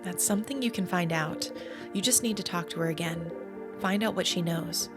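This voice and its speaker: A woman reading the lines of a knowing, gently teasing guide figure in a soft, coaxing voice. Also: lowish voice, normal speed, natural voice. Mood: thoughtful. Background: game music.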